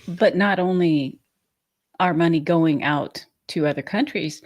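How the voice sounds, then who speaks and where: Soft-spoken co-host, brief agreeing remarks. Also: medium pitch, unhurried. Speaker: podcast co-host. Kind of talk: political chat, agreeing.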